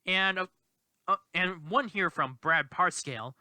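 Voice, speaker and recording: A man giving political commentary in a vlog, halting and indignant, with many restarts. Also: high-pitched, sharp tone, no room sound. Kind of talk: commentary vlog, reading quotes aloud.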